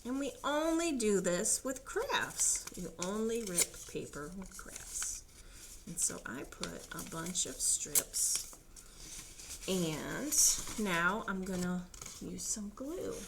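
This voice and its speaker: Animated woman reading to small children. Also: medium pitch, slow pace, gravelly, background noise. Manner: animated, sing-song read-aloud with animal noises. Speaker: children's librarian.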